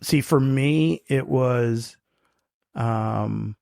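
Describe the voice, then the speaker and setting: A middle-aged podcast co-host rambles through stories in casual chat, laughing often and acting out quotes. His medium-pitched voice is creaky and a little mellow, and he draws out his words.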